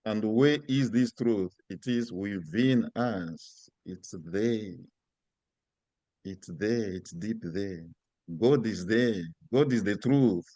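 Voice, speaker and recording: A man from the Congo speaks slowly and calmly about spiritual matters, repeating key phrases for weight. His voice is dry and close, with no room around it. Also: on the low side, dry recording. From Democratic Republic of Congo. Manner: calm, slow and measured, repeating key phrases. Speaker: guest speaker. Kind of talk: spiritual talk.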